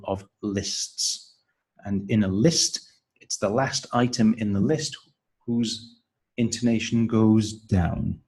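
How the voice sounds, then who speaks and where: Slow, husky-voiced male teacher trainer. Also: on the low side, darkish tone, low-quality recording. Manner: measured and explanatory. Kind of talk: instructional explanation.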